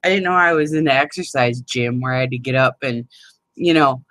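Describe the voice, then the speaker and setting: A woman's voice: rumbling low, fairly quick, a bit bright, dry recording, low-quality recording. A woman hosting a live crafting chat, rambling and exasperated, swearing and laughing as she talks to viewers by name. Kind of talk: casual live chat, demonstrating a paper craft.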